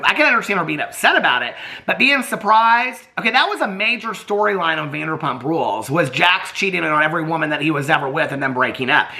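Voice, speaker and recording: A man's voice: high-pitched, creaky, sharp tone. A man with a Southern accent, a YouTube host rambling through casual gossip commentary, trailing off and restarting often.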